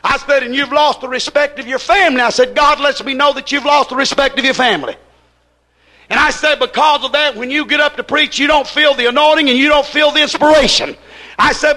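A male preacher with a very high, bright, ringing voice delivers a sermon. He talks in a folksy, emphatic way, repeating himself for weight as he tells a story.

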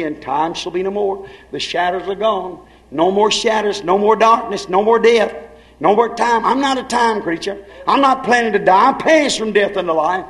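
A man preaching a sermon with fervor, dropping to hushed lines and then rising to shouts. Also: sits high, moderate pace, rough recording.

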